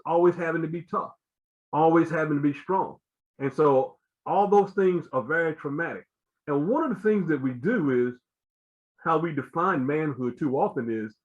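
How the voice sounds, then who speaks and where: An earnest man explains his point as a guest on a talk show. His voice sits a bit high, he circles back with repeated words and "you know", and the audio sounds dull and lo-fi. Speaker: guest speaker.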